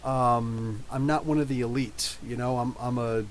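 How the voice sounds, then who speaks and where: A rambling, chatty man in his thirties from New Jersey hosts a live podcast Q&A. His voice sits at an ordinary middle pitch for a man, with a faint hiss underneath. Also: steady tone, normal speed. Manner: rambling, chatty, frequent restarts and fillers. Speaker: podcast host. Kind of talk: casual live Q&A chat.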